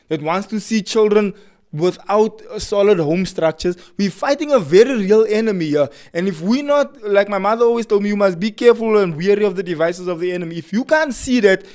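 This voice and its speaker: A man chats about married life, switching into playful voices as he acts out arguments. His voice is notably high for a man. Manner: animated storyteller, acts out quarrels. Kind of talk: casual chat.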